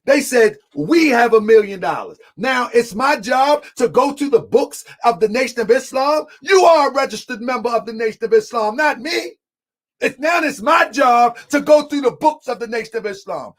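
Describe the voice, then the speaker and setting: A man in a heated live debate, speaking emphatically, often shouting, repeating lines for effect and calling the audience family. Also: very high voice, expressive, moderate pace.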